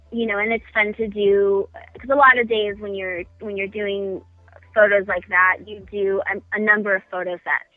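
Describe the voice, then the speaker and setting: A woman's voice: medium pitch, no echo, narrow, tinny audio. A woman guest chatting casually in a phone-in radio interview, self-deprecating and full of ums. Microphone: phone call.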